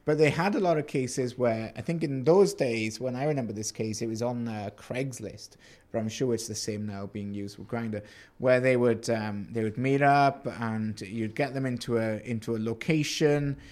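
A man's voice: medium pitch, normal speed, a little mellow. A man co-hosting a casual news chat podcast, talking in a chatty way with joking asides and frequent restarts. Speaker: podcast co-host.

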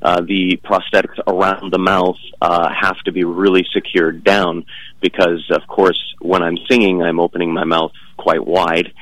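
A man's voice: low-pitched, flat delivery, normal speed, a bit bright, low-quality recording. A man being interviewed about his stage work, speaking casually with many fillers and restarts.

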